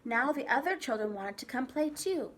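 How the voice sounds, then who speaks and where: A preschool teacher, a woman, reading a picture book aloud to children in an expressive way, stopping to ask them questions. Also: high voice, normal speed, a little hiss or hum. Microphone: video recording for a class.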